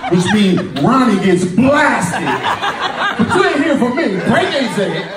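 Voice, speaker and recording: A man's voice: sits high, moderate pace, heavy background noise. A man doing a stand-up comedy routine, telling stories and acting out the voices of his friends. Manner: animated storytelling, acts out voices of friends. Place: comedy club stage. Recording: echoey club, mic far, crowd laughing. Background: audience laughter.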